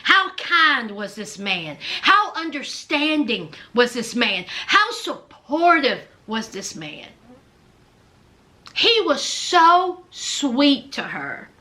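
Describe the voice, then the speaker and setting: Here a woman's high voice moves at an unhurried pace as she chats about a reality TV show. Gushing and full of fillers, she tells the story with animation and performs the quotes of what everyone said.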